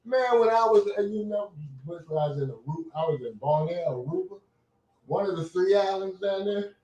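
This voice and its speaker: Casting: older man, slightly high voice, swearing, storytelling host, echoey room. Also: moderate pace, slight background noise. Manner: rambling, animated anecdotes with profanity. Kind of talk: casual storytelling chat.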